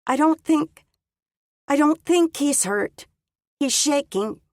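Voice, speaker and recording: A freezing young woman trapped in snow, drowsy and slurring, her voice lifted high and thin, as a woman reads her in an audiobook. The words come slow and halting, dry and close. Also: lively intonation, darkish tone, dry recording. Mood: dazed, weak.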